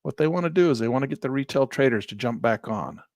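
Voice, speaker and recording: A middle-aged man running a live trading class. His voice leaps around with lots of animation and has a gravelly edge. He teases and jokes as he narrates the market, and the sound is close and dry. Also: medium pitch, fast, dry recording. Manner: animated, teasing, playful narration of market moves. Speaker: trading instructor.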